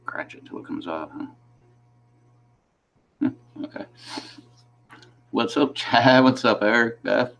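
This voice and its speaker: A man's voice: mid-range voice, lively intonation, takes it slowly, gravelly, pauses often, fairly bright tone, lo-fi sound. A man hosting a livestream in casual chat, rambling and laughing between his sentences. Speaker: host of a livestream.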